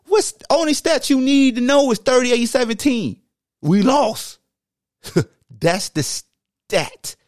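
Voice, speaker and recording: A man's voice: very high voice, lively intonation, takes it slowly, no echo, clean studio sound, voice pushed up, heavily acted. A man voicing his own brash, petty alter ego in a comic sports podcast skit, mocking and interrupting.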